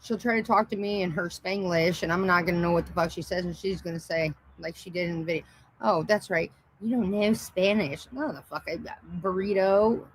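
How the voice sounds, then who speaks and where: A woman's voice: lowish voice, a little fast, hardly any pauses, slightly rough, rough recording. A woman ranting on a casual livestream, profane, mocking and combative. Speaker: livestream host.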